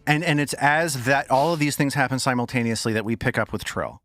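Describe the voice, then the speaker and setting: A man's voice: medium pitch, fairly quick, a bit bright, faint music behind. A man narrating a tabletop game as game master, with loose descriptive speech.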